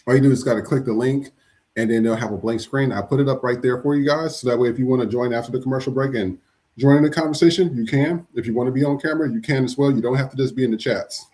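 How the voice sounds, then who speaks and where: A chatty man hosting a livestream podcast, talking loosely and stopping to restart his thoughts. His pitch sits right in the middle for a man. He reads out viewer comments in an easy, casual way. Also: quick pace, warm tone.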